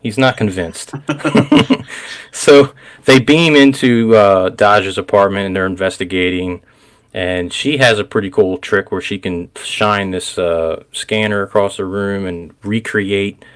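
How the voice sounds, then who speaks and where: A man hosting a casual recap chat, rambling, laughing often and getting excited. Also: fairly low pitch, measured pace, clean tone. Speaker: podcast host.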